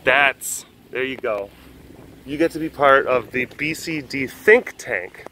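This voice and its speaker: A man's voice: mid-range voice, slow pace, pushed and bright, slight background noise, poor audio. A man hosting a casual vlog, rambling through ideas with self-mocking asides and frequent laughs. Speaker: host.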